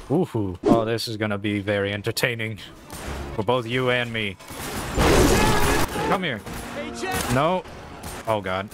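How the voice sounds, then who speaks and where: Slow, laid-back gaming host. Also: male voice, lowish voice, heavy background noise. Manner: laid-back, joking, reads on-screen tips aloud. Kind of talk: casual game commentary. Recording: voice over loud game music.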